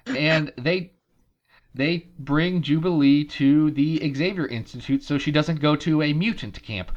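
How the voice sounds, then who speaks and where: Lively man on a dull lo-fi line. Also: fairly high pitch. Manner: chatty, recaps plot with sarcastic asides. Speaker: podcast host. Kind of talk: casual chat.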